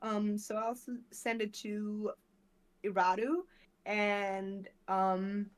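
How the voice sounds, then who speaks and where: A woman's voice: medium pitch, fairly even intonation, slow. A woman with a German accent, a native German speaker, talking loosely and chattily as a podcast guest and swearing freely. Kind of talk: casual chat.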